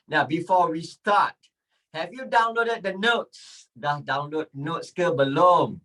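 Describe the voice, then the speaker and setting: A Malaysian man leads an online English lesson at an unhurried pace, often repeating phrases and asking his class questions. His voice sounds a little distant from the microphone. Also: high voice, bright, forceful tone. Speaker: English teacher.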